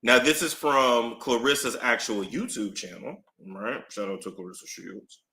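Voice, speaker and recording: A man with a New York accent giving casual gossip commentary, animated and drawn out, often repeating himself. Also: mid-range voice, moderate pace. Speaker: commentary streamer. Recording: echoey room.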